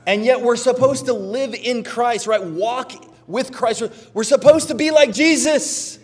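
A middle-aged man preaching a sermon as pastor, conversational and animated, often checking in with "right?". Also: very high-pitched, measured pace, big-room sound.

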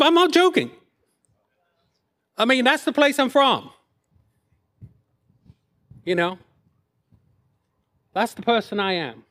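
A man's voice: high voice, a bit bright. An English man in his fifties, a missionary telling his story as a sermon testimony, self-deprecating and rambling into asides. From England. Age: 50s. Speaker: missionary speaker.

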